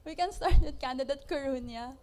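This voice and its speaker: A young Filipino woman moderating a student candidates' forum, briskly and politely calling on each candidate in turn. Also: high voice, darkish tone, slight background noise. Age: young adult. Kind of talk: reading questions at a candidates' forum.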